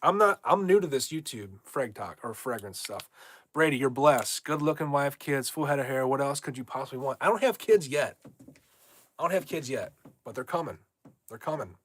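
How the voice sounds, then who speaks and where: A man's voice: medium pitch, expressive, moderate pace, fairly bright tone. A young man hosting a casual livestream from home, brash and rambling as he reads viewer comments aloud. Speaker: livestream host.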